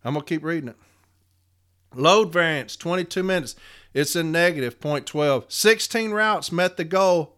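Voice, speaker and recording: A middle-aged man with a bright, slightly high voice rants bluntly on a workplace podcast. He reads figures aloud, repeats his points for emphasis and swears in frustration. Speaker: union shop steward and podcast host. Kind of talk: podcast rant, reading and commenting.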